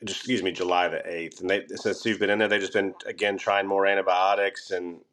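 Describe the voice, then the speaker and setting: A man interviewing a guest, calmly recapping events and asking follow-up questions. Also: deep voice, a little fast. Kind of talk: casual interview.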